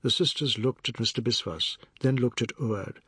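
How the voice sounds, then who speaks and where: A man reading a novel aloud as an audiobook narrator, in a measured literary manner. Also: medium pitch, pushed and bright, husky, no room sound, clean studio sound. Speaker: audiobook reader. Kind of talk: scripted narration.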